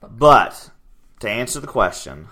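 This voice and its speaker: A young man co-hosting a casual fitness podcast, talking loudly in a rambling, teasing way. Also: medium pitch, sing-song, slow. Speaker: podcast co-host, strength coach.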